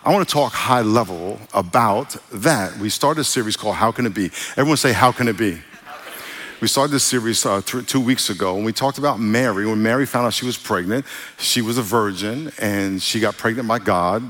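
A man's voice: on the low side, a little fast, fairly bright tone. A middle-aged man preaching a conversational sermon as pastor, folksy and loose, often restarting and calling out for an amen.

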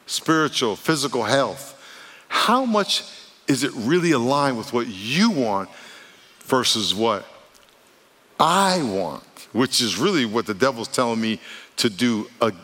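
A man's voice: medium pitch, fairly bright tone. A man preaching a sermon as pastor, talking emphatically and straight to his congregation. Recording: church hall with long reverb.

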